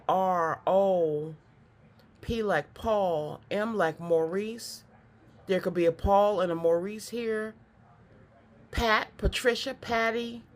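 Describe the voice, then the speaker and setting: A woman doing a psychic card reading to camera. She talks in a chatty, animated way, often repeats words, and drifts into preaching. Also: medium pitch.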